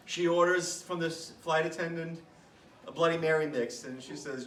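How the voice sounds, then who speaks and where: A man's voice: fairly high pitch, steady tone, moderate pace, a bit bright, distant mic. A middle-aged man, the son of the departed, gives a toast at a memorial gathering. He talks in a chatty, self-mocking way, laughs through his funny stories and sometimes falters with emotion. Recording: echoey room, speaker away from the mic, background noise.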